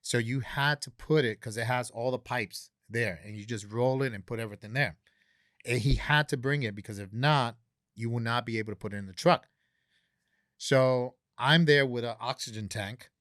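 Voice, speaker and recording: Animated man telling a story. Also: medium pitch, normal speed, dry recording, studio quality. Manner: animated storyteller, acts out quoted dialogue. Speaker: guest, convention organizer. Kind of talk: casual podcast storytelling.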